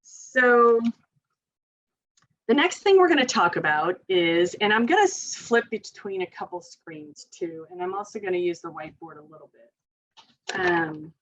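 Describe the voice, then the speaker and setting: A woman's voice: on the low side, animated, a little slow, a bit bright. A woman occupational therapist giving a casual training talk to parents, chatty and laughing often. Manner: chatty, laughs often, leads group exercises with chanting. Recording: slightly dull lo-fi sound.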